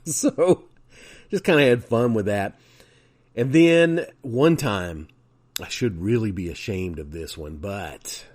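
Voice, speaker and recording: A man hosting a podcast, telling casual, chatty anecdotes in a monologue. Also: fairly low pitch. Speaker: podcast host.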